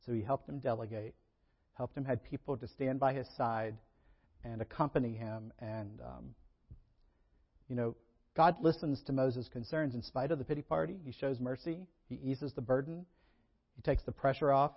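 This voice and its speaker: A man with a mid-range voice preaches a sermon at a moderate pace in a conversational style, and the recording's highs are cut off. He acts out Bible characters with lively shifts and laughs between points.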